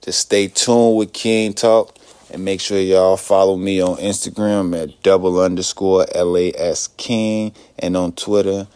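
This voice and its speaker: A man's voice: deep voice, steady tone, unhurried, a little mellow, clear, resonant tone, dry recording. A man hosting a casual podcast, speaking earnestly with laid-back slang. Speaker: podcast host. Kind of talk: casual chat.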